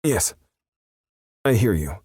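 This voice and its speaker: A man's voice: on the low side, big pitch swings, slow pace, fairly bright tone, breathy edge, dry recording, studio quality, pitched above the performer's own voice, exaggerated voice. A man voicing a frightened young male captive who stammers and pleads, in an audiobook. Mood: terrified.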